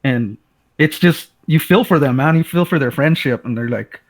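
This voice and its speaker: A man's voice: on the high side, normal speed. A man co-hosting a casual film discussion, laid-back and enthusiastic, often saying "man" and restarting sentences. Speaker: co-host.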